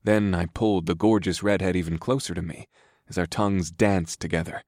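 A man narrating a story in the first person in a calm, steady, soft-spoken way. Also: low voice, a little fast, dry recording, clean studio sound.

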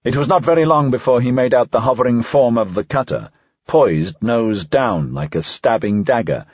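A man narrating a fiction audiobook in an expressive, varied reading. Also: medium pitch, moderate pace, dry recording, highs cut off.

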